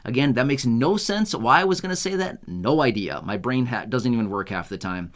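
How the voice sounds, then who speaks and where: A man's voice: mid-range voice, lively intonation, a little fast, fairly bright tone. A young man from the United States, hosting a casual unscripted video in a rambling, self-mocking way and laughing often. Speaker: YouTube host.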